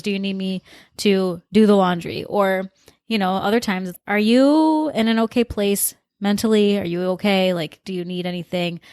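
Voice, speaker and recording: A woman's voice: mid-range voice, a little mellow, dry recording, studio quality. A woman co-hosting a relationship podcast, speaking in a caring, conversational way. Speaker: podcast co-host. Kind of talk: casual advice talk.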